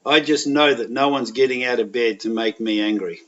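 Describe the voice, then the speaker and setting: A man's voice: medium pitch, moderate pace. An Australian man speaking as a podcast guest, telling frank, plain-spoken anecdotes in a candid, conversational way. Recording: dull lo-fi audio.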